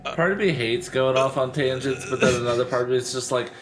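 A man chatting casually on a podcast in a quick, musing way. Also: medium pitch, background noise. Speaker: podcast co-host. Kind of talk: casual chat.

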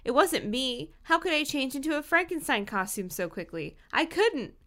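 A woman voicing a panicky, bossy teenage girl from a horror novel, reading her lines with shrill, exaggerated pleading. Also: expressive, normal speed, a bit bright. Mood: protesting.

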